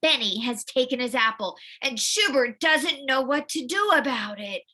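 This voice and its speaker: A woman teacher reading a storybook to children, with lively sound effects and questions to the listeners. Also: sits high, normal speed. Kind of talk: storybook read-aloud for children.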